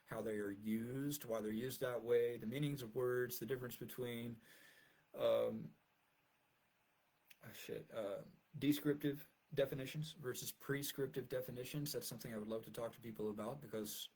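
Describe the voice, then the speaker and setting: A man's voice: medium pitch, a little mellow, husky, poor audio. A man talking casually to his viewers, rambling and self-deprecating with many fillers, and reading his own essay aloud.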